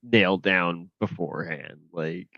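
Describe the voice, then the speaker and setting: Casting: male co-host, low voice, dull muffled mic, dry sound, relaxed chatter. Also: measured pace, no echo. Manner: easygoing, laughing agreement. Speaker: podcast co-host. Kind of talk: casual chat.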